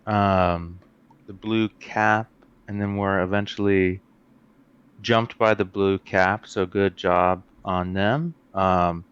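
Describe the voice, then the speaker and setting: A man flying for the red team, giving a measured, casual debrief. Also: low-pitched, fairly even intonation, a bit bright, smooth, lo-fi sound. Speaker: red team fighter pilot.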